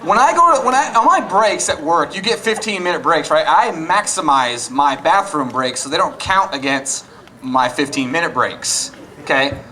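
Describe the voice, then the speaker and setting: A man's voice: on the high side, expressive, normal speed, sharp tone, some chatter behind, poor audio. A young man doing a stand-up comedy set, acting out both sides of arguments with his wife. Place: comedy club stage. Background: audience laughter.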